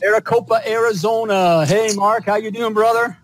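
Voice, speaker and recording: A man's voice: high voice, fairly even intonation, normal speed, no echo, low-quality recording. A man hosting a podcast with boastful, hyped energy and lots of fillers. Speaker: podcast host.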